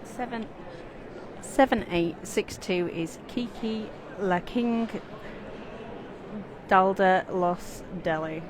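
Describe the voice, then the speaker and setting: A woman's voice: medium pitch, takes it slowly, pauses often, a crowd in the background. A woman with a Sheffield accent, commenting from the ringside and reading out dog numbers and owners' names in a casual way. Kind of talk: live dog show commentary.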